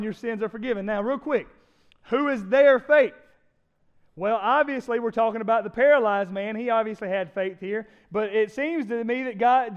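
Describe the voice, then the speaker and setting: A man's voice: very high voice, lo-fi sound. A man preaching a sermon in church, talking conversationally and asking the congregation rhetorical questions. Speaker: pastor.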